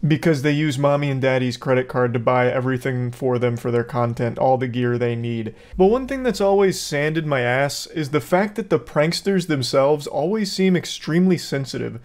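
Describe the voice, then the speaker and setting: A man's voice: mid-range voice, moderate pace, few pauses, a little mellow. A man giving blunt, profane, sarcastic commentary on video clips. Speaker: commentary host.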